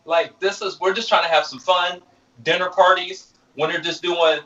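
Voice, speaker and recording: A male executive chef walks viewers through a live cooking demo, relaxed and easy as he works. His voice is bright and forward. He sits a little back from the mic, so the sound is dull. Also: high voice, moderate pace, reverberant, recorded from a distance. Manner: relaxed, explains while cooking.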